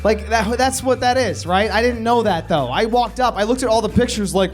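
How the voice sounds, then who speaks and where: Male comedian, higher voice, rambling comic storytelling, faint music under. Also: brisk, hardly any pauses. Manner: rambling, self-interrupting, laughing through the telling. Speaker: comedian telling a story on a podcast. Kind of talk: stand-up style comic storytelling.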